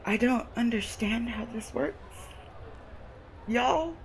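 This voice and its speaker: A woman's voice: a little high, slow, gravelly, slight background noise. Chatty, giggly woman playing a game. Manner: chatty, giggly asides, swears casually. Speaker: let's play gamer. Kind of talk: casual game commentary and reading narration. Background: faint music.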